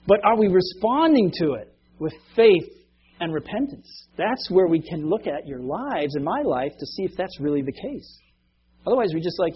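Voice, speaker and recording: Husky-voiced man preaching a casual sermon. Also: high-pitched, animated, moderate pace. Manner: conversational, acts out quoted voices, laughs at himself. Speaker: pastor. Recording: dull lo-fi recording.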